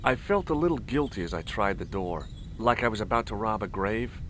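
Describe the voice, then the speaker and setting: Wry, deadpan detective. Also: male voice, fairly low pitch, fairly quick, a little hiss or hum. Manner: sardonic, deadpan wisecracks. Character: wry adult male detective, dry humor. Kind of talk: game narration and dialogue. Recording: game audio with faint music.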